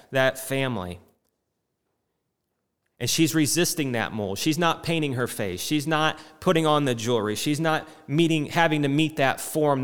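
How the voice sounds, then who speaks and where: A man's voice: medium pitch, a bit bright, clear, resonant tone. A middle-aged man preaching a sermon with impassioned, rising and falling delivery. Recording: long reverb in a hall.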